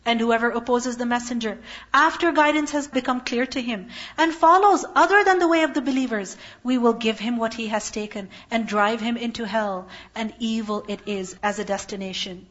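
In a fairly bright, highish voice at normal speed, a Quran teacher gives a commentary lesson, recorded in dull lo-fi. She recites verses in Arabic, then translates, and asks herself rhetorical questions before answering them.

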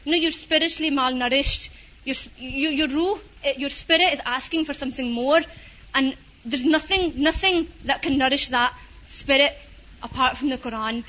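A woman's voice: high voice, moderate pace, fairly bright tone, highs cut off. A young woman with a Scottish accent giving a personal testimony in a chatty way, full of fillers and with Urdu words mixed in.

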